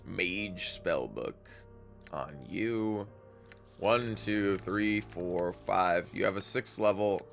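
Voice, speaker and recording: A man's voice: low-pitched, drawn-out words, vocal fry, fairly bright tone. A young man streaming a video game live, reading its text aloud with casual, profane asides. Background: faint game music.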